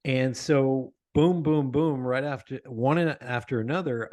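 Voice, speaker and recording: A man chatting as an interview guest in a dry, deadened space. His pitch sits in the middle range. He tells stories with animation and laughs often. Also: unhurried, darkish tone, no echo. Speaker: podcast host, guest. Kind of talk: conversational interview.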